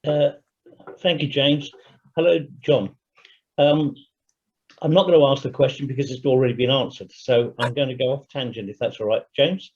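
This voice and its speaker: A man's voice: medium pitch, fairly even intonation, normal speed, a little mellow, breathy edge. A man in an online Q&A speaking informally on dull, muffled call audio. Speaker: member asking a question.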